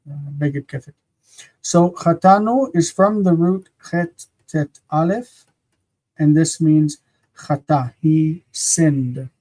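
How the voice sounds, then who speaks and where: A teacher hosting a live-streamed grammar lesson, explaining slowly and patiently with frequent pauses and repeating words aloud. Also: medium pitch, warm tone.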